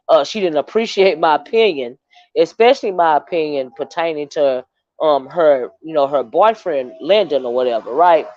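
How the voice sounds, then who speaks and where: A woman's voice: low-pitched, a little mellow, no room sound. Woman streamer, chatty rambling storyteller, muffled lo-fi home mic. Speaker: livestream host. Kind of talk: casual livestream commentary. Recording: dull, dry lo-fi stream audio.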